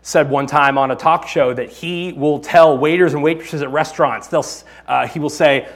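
A pastor with a fairly high-pitched man's voice delivers a sermon. He talks to the congregation like a friend, joking and tossing in quick asides. When he prays, his tone turns hushed and reverent. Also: steady tone.

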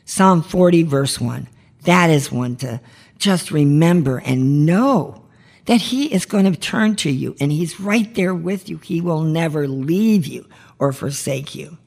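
Woman, devotional teaching, ministry podcast host, unhurried, heartfelt, pleading. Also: low-pitched, animated, gravelly, a little mellow.

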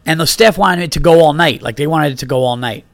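Man, podcast host, animated storyteller, somewhat high voice, dry close sound. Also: fast, no room sound. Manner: animated retelling, acts out quotes, swears freely. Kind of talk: casual storytelling.

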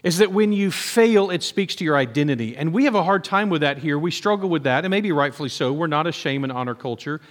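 A man's voice: fairly high pitch, lively intonation, fast talker, hardly any pauses. A man preaching a sermon in a conversational way, often acting out quoted voices. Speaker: pastor. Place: church sanctuary. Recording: long hall reverb.

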